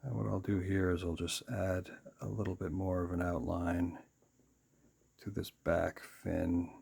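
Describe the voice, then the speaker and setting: A man hosting his sketchbook channel, casually narrating while he draws, relaxed with self-deprecating asides. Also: low voice, measured pace, creaky, slightly rough.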